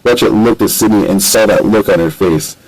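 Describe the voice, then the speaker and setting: A man narrating an amateur audiobook in a plain, steady reading voice. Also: fairly low pitch, brisk, poor audio.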